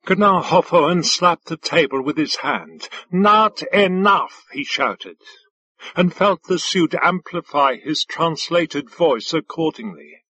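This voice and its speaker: Male reader, measured delivery, slightly high husky voice, very slow, dry close mic. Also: bright, forceful tone, no echo. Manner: measured, deliberate. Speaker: audiobook narrator. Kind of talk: scripted narration.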